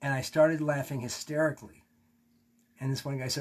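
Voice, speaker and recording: During a lecture, a man shares a candid personal story with his class, cursing and re-enacting what he said at the time. He speaks at normal speed in a medium-pitched voice with a level tone.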